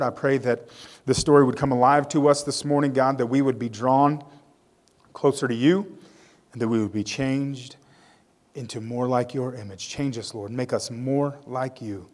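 A man's voice: medium pitch, normal speed. A male pastor preaching a sermon. He reads scripture aloud, tells it as a story with casual asides, and leads a prayer.

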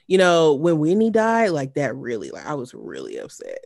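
A woman co-hosting a podcast in casual chat with speech, sassy and expressive. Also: low voice, moderate pace, vocal fry, no room sound, clean studio sound. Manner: sassy, expressive, playful slang. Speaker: podcast co-host.

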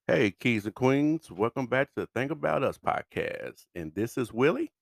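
Middle-aged male podcast co-host; deep, creaky, lively intonation, hesitant delivery. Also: moderate pace, no room sound, studio quality. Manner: hesitant, trailing off, relaxed. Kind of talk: casual chat.

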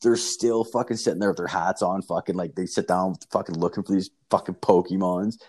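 A man's voice: low voice, fairly even intonation, brisk, darkish tone, husky. A young man from Canada telling a rambling, profanity-filled story in casual chat, full of fillers.

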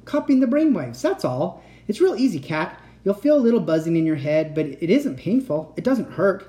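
A woman voicing an unstable male inventor uncle in a storybook reading, excitable and pleading, turning soft and menacing. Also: on the low side, normal speed, voice pushed up. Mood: eager. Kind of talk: storybook read-aloud.

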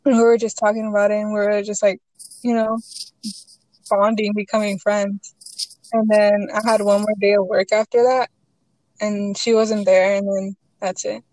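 A young woman in casual chat, asking questions and sharing a work story, relaxed and quick to laugh. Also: medium pitch, no echo, rough recording.

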